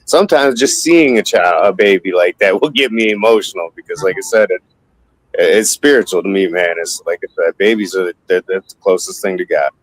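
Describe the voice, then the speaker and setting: A man co-hosting a podcast, speaking earnestly in halting phrases that repeat words and often add "man". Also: sits low, no echo, poor audio. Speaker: podcast co-host. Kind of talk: casual podcast chat.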